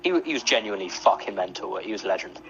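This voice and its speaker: A young man telling a wild story in a casual chat, animated and full of swearing. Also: deep voice, rapid-fire, muffled recording, slight background noise.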